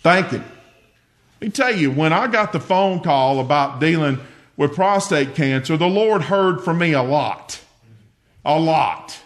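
A man's voice: a little high, lively intonation, unhurried. An older man preaching a sermon, folksy and earnest, telling homely stories with humor.

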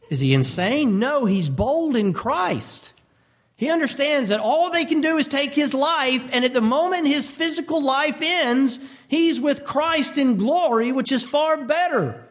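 A man preaching an expository sermon, animated and acting out quotes. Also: extremely high pitch, unhurried. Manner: animated, acts out voices and quotes.

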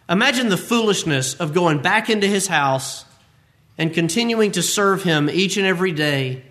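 A man's voice: sits high, bright, forceful tone. A man preaching a sermon, emphatic and repeating phrases for effect.

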